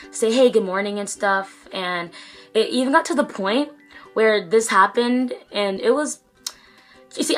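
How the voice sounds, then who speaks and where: A woman's voice: medium pitch, bright, forceful tone. A teenage girl telling a story in a casual vlog, chatty with many fillers, acting out what people said. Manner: chatty, lots of fillers and quoted dialogue. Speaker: vlogger.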